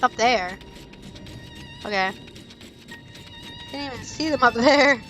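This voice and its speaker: Woman let's play host, bright, slightly high voice, emotional commentary. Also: wildly swooping pitch, slow, faint music behind, poor audio. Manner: emotional, exclaiming, reads dialogue aloud. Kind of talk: casual gameplay commentary.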